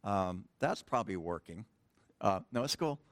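A man's voice: on the low side, expressive, moderate pace, no room sound. A middle-aged man preaching a sermon in church, teaching a Greek grammar point with casual, joking asides to the congregation. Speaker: pastor. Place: church sanctuary.

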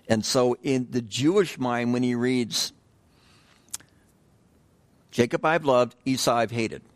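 A man leads an informal Bible study at a middling, ordinary pitch. He talks to the group conversationally, stopping to restart phrases and repeat key words. He also asks the listeners questions along the way. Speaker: Bible teacher.

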